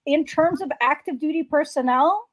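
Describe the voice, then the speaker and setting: A woman's voice: high voice, moderate pace, no room sound. A woman co-hosting a political talk show, laughing often and reciting figures matter-of-factly. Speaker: co-host guest. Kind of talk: casual political commentary.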